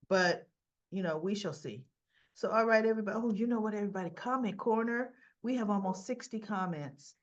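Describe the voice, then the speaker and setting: A woman hosting a casual soap opera recap vlog, retelling scenes in an animated way with quoted lines. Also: medium pitch, highs cut off.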